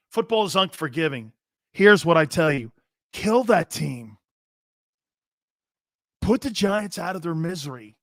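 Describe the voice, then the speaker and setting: A man's voice: sits high, a bit bright, no echo, studio quality. A middle-aged man hosting a sports talk show, blunt and profane, joking with his chat. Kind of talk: loud, brash sports talk.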